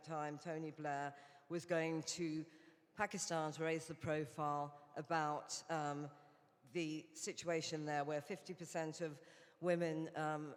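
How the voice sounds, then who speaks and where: A woman from England with a British accent giving a chatty, anecdotal conference speech as a Rotary International director. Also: low voice. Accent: British English. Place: conference hall. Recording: reverberant hall.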